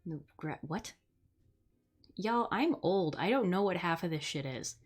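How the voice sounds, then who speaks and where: Hosting a live stream, a young Midwestern woman speaks in a husky, fairly low-pitched voice with lively intonation and an unhurried pace. Her casual chat is blunt and sarcastic, with free swearing.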